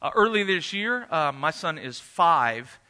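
Unhurried and a little high, the pastor's voice is sing-song, bright, and forceful. Before a congregation in a church room, he preaches a sermon and tells a family story in a conversational, anecdotal manner, with occasional "uh"s.

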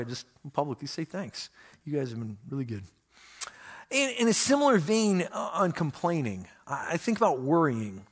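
A man, a pastor, preaching a sermon with animated, self-mocking storytelling and playful complaints to God. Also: on the high side.

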